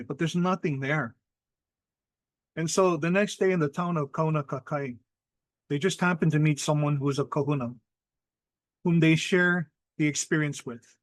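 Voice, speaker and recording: Hawaiian storyteller man with a higher voice. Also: no room sound. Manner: measured, vivid, acts out quoted people. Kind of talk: ghost story telling. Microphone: video call.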